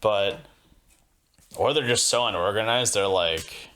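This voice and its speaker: A man's voice: lowish voice, unhurried, sharp tone. A young man co-hosting a casual podcast, joking, rambling and swearing freely. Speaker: podcast co-host.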